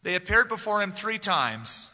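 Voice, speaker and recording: The preacher's voice sits high, bright and forceful, very animated at a normal speed. As pastor he gives a conversational, verse-by-verse expository sermon in a church sanctuary, voicing the Bible's characters, with a long hall reverb on the recording.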